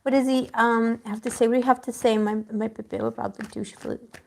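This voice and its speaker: A woman's voice: on the high side, flat delivery, a little fast, creaky, darkish tone. A woman giving a live tarot reading to her viewers, chatty, emotional and slangy as she talks through the cards. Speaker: tarot reader.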